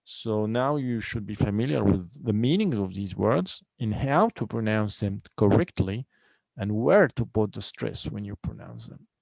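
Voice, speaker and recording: Male teacher, low gravelly voice, unhurried drilling delivery that repeats words syllable by syllable. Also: lively intonation, darkish tone, no room sound, rough recording. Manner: patient, repeats each word several times to drill pronunciation; breaks words into syllables and stresses them clearly. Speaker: English teacher. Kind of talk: recorded online lesson.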